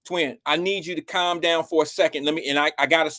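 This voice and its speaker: A man's voice: on the high side, steady tone, fast talker, pushed and bright. A man hosting a live call-in show who talks in a laid-back, reassuring way and often tells callers he hears them. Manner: laid-back, reassuring, says "I hear you". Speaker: host.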